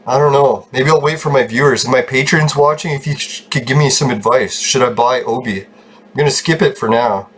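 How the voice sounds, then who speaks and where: A man's voice: medium pitch, husky. A man telling rambling personal stories while commenting on his gameplay, swearing often and laughing at himself. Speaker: gaming YouTuber.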